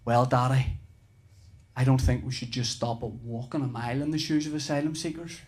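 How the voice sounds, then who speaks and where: A man's voice: mid-range voice, level tone, brisk, noisy background, pitched below the performer's own voice, natural voice. A man voicing a precocious little boy who talks like a pious, preachy adult. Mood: earnest.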